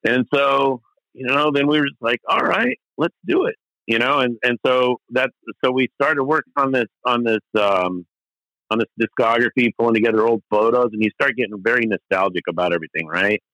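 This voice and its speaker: A man's voice: mid-range voice, fairly quick, fairly bright tone, no room sound, rough recording. Candid rambling male musician. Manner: rambling, many restarts and fillers, candid and profane. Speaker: interview guest, musician. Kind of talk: casual storytelling interview.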